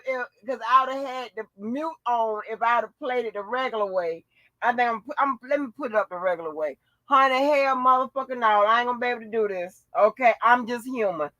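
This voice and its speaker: A woman's voice: a little high, a bit bright, dry recording, rough recording. A woman hosting a casual reaction chat, giggly, exasperated and profane. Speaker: channel host.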